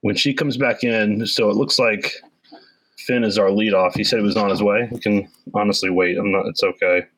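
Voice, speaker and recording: A man's voice: fairly low pitch, steady tone, normal speed, fairly bright tone, dry recording, poor audio. A man acting as game master, recapping the last session in a casual, hesitant way with many fillers. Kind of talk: narrating a tabletop game recap.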